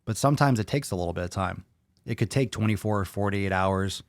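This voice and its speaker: A man's voice: on the low side, fast, no echo, studio quality. Blunt, profane man on a podcast. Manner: blunt and profane, reacting to viewer comments. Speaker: podcast host reading comments. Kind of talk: casual chat.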